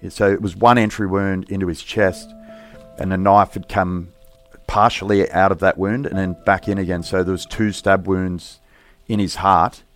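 Deep-voiced cop recounting events. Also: male voice, flat delivery, fairly bright tone, soft background music. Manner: halting, reflective, plain-spoken. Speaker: police officer, interview guest. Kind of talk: recounting a personal story in an interview.

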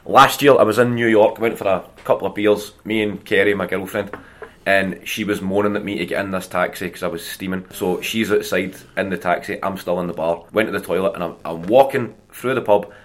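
A Scottish man in his thirties, a comedian and podcast guest, telling chatty, animated anecdotes in a casual way. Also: low-pitched, brisk, a little hiss or hum. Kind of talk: casual storytelling.

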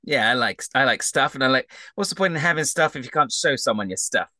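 A man voicing a boastful, excitable rabbit-folk man who talks in a loud, gleeful, showy way. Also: mid-range voice, quick pace, no room sound, studio quality, voice pushed up. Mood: chummy.

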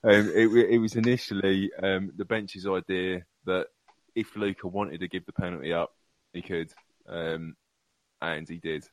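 Deep-voiced guy on a fan podcast call, lots of ums, dry close sound. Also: fairly even intonation, unhurried, dry recording. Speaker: podcast guest. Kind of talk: casual fan podcast chat.

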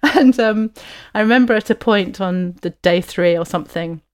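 A woman, a leadership coach, telling a personal story in an interview, thoughtful and soft-spoken with frequent pauses. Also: medium pitch, clean tone.

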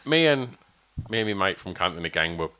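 A man's voice: low voice, very animated, fairly quick, sharp tone. A man telling a rambling anecdote in casual podcast chat, full of fillers and restarts. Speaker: podcast guest.

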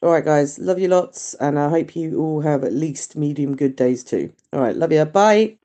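Low, mellow woman caller. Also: normal speed. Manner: chatty, sweary, cheerful. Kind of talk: recorded voice message.

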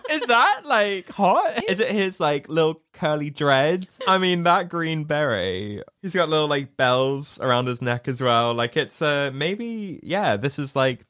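Low-voiced, giggly woman. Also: sing-song, fairly bright tone, no room sound, studio quality. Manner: giggly, teasing, quick to act out quotes. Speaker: podcast co-host. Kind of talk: casual chat.

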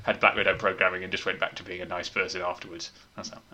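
A man's voice: low-pitched, monotone, fast talker, sharp tone. A man hosting a casual movie review podcast, wry and opinionated as he leads the talk. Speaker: podcast host.

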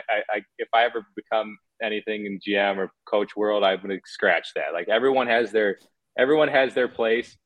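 A man's voice: mid-range voice, fairly bright tone, low-quality recording. A man in his thirties, a former hockey player, telling stories as a guest on a casual podcast in a rambling way full of restarts. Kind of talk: casual storytelling chat.

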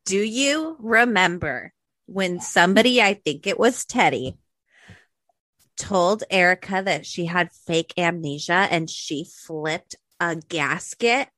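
A woman's voice: lowish voice, expressive, slow pace, fairly bright tone, no echo. A woman co-hosting a gossip podcast, reacting dramatically in casual chat. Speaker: podcast co-host.

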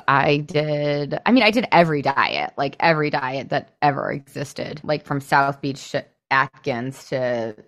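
Low-voiced chatty woman. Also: fairly bright tone. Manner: chatty, filler-heavy, acts out quotes. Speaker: podcast co-host. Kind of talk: casual chat.

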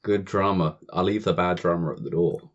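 A man's voice: low voice, moderate pace. A British man, a podcast guest, telling rambling, chatty camp stories. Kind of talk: casual chat. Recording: dull lo-fi audio.

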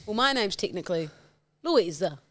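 A woman co-hosting a podcast, teasing her co-host in sassy, quick banter. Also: fairly low pitch, expressive, no echo. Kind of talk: casual banter.

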